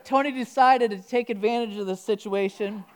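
Chatty high-voiced woman preacher. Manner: conversational, halting restarts, grows animated. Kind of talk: sermon storytelling.

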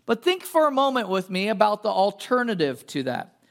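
A man's voice: high voice, big pitch swings, a little fast, fairly bright tone. A male pastor preaching a conversational sermon, telling stories and asking rhetorical questions. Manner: asks many rhetorical questions; casual and storytelling, with fillers.

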